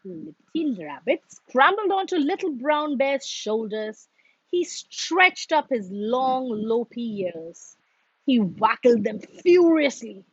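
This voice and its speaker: Slow expressive woman reading a storybook. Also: on the high side, slightly rough, no echo, dull audio. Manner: slow, expressive, sing-song. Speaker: children's story reader.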